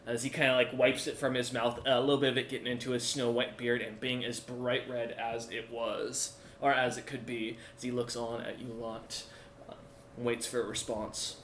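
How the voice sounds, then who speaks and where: A man's voice: medium pitch, flat delivery, normal speed, fairly bright tone, a little hiss or hum. A man narrating a tabletop game as game master, in a loose, rambling way with many fillers. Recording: echoey room.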